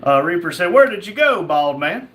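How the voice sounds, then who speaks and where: A man hosting a live stream, reading viewers' chat messages aloud and answering them in a relaxed, chatty way. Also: high voice, normal speed. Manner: reads chat names aloud, chatty and easygoing. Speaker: livestream host reading chat.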